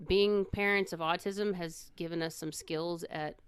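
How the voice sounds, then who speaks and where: A woman co-hosting a podcast with her husband, explaining things in a measured way in casual chat on a close mic. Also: fairly low pitch, steady tone, clean tone, no room sound.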